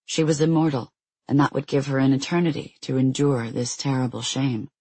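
An audiobook narrator telling a fantasy story in a steady, measured way. The voice is slightly husky and mid-pitched, recorded close and dry with no room sound. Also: dry recording, low-quality recording.

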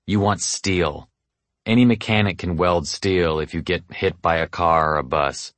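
A man's voice: deep voice, unhurried, fairly bright tone, no echo. A man voicing a blunt, curmudgeonly old bike mechanic in an audiobook story. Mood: gruff. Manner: blunt, practical advice.

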